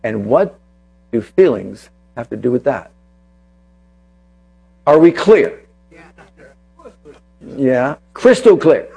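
Medium in pitch but dark in tone, with lively intonation, vocal fry, and a breathy edge, this pastor shares a personal story in his sermon and then slows to drive his points home emphatically.

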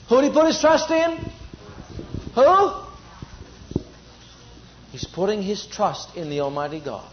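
A man's voice: high voice, lo-fi sound, a little hiss or hum. A man preaching a sermon, repeating phrases with emphasis and leading the congregation in spoken responses.

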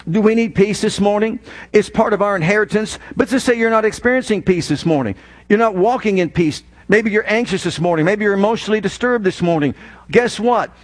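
A man preaching a sermon as pastor from the pulpit, animated, with mocking asides. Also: high-pitched, a little fast. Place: church.

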